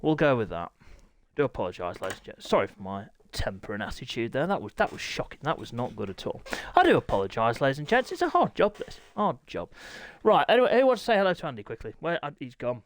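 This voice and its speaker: A man's voice: medium pitch, sing-song, fast talker, few pauses. A young man streaming a racing league, talking to chat while he fumbles with setup, harried and apologetic. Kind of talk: live-stream chat to viewers.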